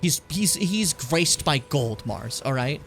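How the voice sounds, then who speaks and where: A man's voice: on the high side, lively intonation, slow, a bit bright, faint music behind. A man streaming a video game, giving casual commentary, chatty and joking, swearing freely and talking to his viewers.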